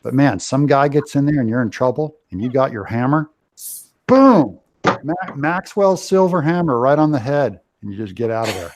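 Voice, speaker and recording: A man's voice: medium pitch, brisk, hardly any pauses, a little mellow. A man chatting casually on a live stream, joking and rambling with frequent restarts. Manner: joking, rambling, self-interrupting.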